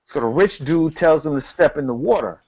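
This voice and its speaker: A man co-hosting a casual talk show, telling a story in an animated, slangy, profane way. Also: on the high side, normal speed, highs cut off. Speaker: podcast co-host.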